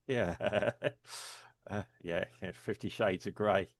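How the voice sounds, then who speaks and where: Male co-host, low voice, dry close sound, rambling and chuckly. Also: slow, no room sound. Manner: rambling, chuckling often, many fillers. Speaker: podcast co-host. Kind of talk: casual discussion.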